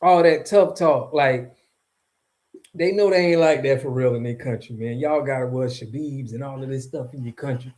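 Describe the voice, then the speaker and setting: A man's voice: medium pitch, moderate pace, darkish tone. A man from Florida giving casual, rambling commentary in a vlog, heavy on slang and chuckling between points. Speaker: vlogger.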